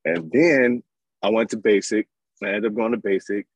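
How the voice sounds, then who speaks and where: A man in his thirties from New York, telling his life story as an interview guest in an animated, casual way. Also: fairly low pitch, moderate pace, no echo, low-quality recording. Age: 30s. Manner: animated, acts out voices in his stories.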